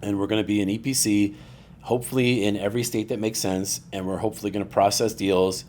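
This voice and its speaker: Animated man telling stories, low voice. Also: a little hiss or hum. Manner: animated storyteller, acts out quoted voices. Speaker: podcast guest. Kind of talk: casual chat.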